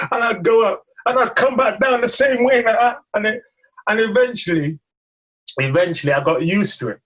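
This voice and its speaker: A man, a firefighter guest, telling a story in an animated way, laughing often and acting out what others said. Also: high-pitched, moderate pace. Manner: laughs often, acts out quotes, stammers.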